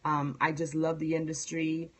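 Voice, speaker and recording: A woman hosting a casual live-stream chat, energetic and talkative with many fillers. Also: sits low, moderate pace, slightly rough. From United States. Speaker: host.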